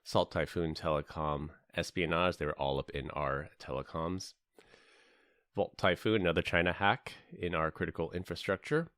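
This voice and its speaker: A man with a deep voice reads through a list of security headlines on a casual podcast. His delivery is matter-of-fact, and the sound is dry and close. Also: fairly even intonation, normal speed, fairly bright tone, no room sound. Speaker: podcast co-host. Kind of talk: casual chat and news recap.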